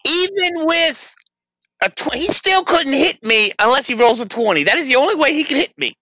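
Bright, lively confident game player. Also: male voice, extremely high pitch, normal speed, no room sound. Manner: confident, boasting about his character's defenses. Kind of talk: playing a tabletop game.

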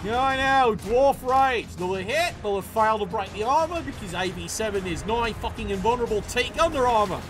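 High-voiced, excitable, swearing game commentator. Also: male voice, a little fast, hardly any pauses, over music. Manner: excitable and profane, stammers when worked up.

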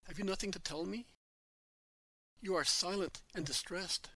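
A man voicing a gentle spiritual teacher in a storybook reading, speaking calmly and measuredly. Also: sits high, moderate pace, no echo, full character voice, low-quality recording. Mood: tender.

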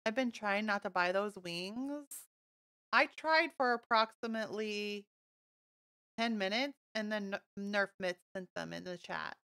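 Bubbly bright-voiced woman streamer. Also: medium pitch, a little slow, smooth. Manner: bubbly, gushing and easily excited. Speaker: game streamer. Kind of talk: casual live-stream chat while playing.

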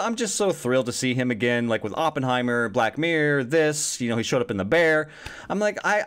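A man giving a casual spoken movie review, animated and swearing freely, with lots of fillers. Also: mid-range voice.

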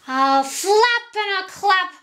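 A woman's voice: very high voice, lively intonation, takes it slowly, a bit bright, slight background noise, pitched above the performer's own voice, heavily acted. A woman voicing a greedy big old male eagle who screeches and squawks his threats. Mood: menacing.

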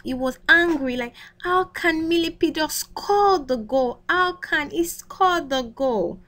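Slow, high-voiced woman teacher reading aloud. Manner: repeats each line, asks the listening children questions. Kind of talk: reading a picture book to children.

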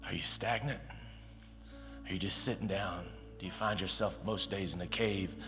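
A low-voiced man preaching a live sermon in a church sanctuary. He talks to the congregation casually, then lifts into emphatic, pleading peaks. His voice rings with a long hall echo over faint music. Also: fairly even intonation, moderate pace. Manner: conversational preaching with emphatic rises and quiet asides. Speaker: pastor.

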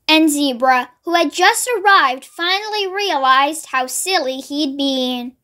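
A woman's voice: high voice, expressive, takes it slowly, few pauses, pushed and bright. Young woman reading a picture book aloud. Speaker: storybook read-along host. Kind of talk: children's read-aloud narration.

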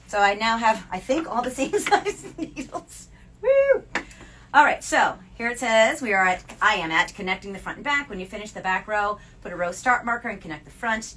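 Southern woman, middle-aged, podcast co-host; animated, chatty storyteller; light background hiss. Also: medium pitch. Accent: Southern American. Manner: bubbly, animated storyteller with laughs. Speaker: podcast co-host, Spanish professor. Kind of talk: casual chat while knitting. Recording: faint background noise.

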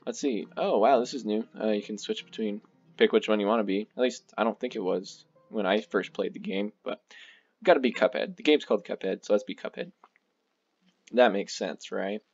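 A man hosting a gaming channel, chatting excitedly and casually while he plays, with lots of fillers. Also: fairly low pitch, vocal fry, lo-fi sound. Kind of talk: casual let's play commentary.

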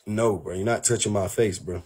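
A young man telling a heated, profane story on his livestream, animated and worked up. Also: lowish voice, moderate pace, slight background noise. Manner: profane, animated, keeps saying "bro".

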